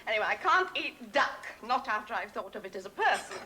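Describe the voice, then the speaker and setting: An actress playing an emotional wife who gets upset easily, in a 1970s British studio sitcom. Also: female voice, a little high, very animated, fairly quick, crowd noise. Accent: British English. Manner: emotional, dramatic. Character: emotional wife upset over her pet duck. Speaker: wife Katie. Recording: old TV broadcast with noise.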